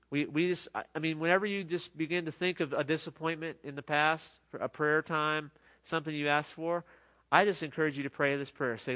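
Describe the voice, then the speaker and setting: A man's voice: fairly high pitch, steady tone, fairly quick, a bit bright. Earnest, conversational male preacher. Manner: conversational, earnest, with frequent restarts. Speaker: pastor. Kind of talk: sermon.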